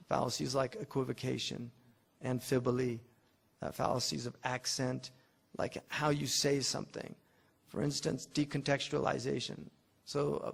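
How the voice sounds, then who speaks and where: A man's voice: medium pitch, gravelly, breathy edge. A man teaching a classroom lecture on classical logic, talking conversationally and explaining with everyday examples, often restarting his sentences. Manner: conversational and digressive, with frequent restarts and fillers.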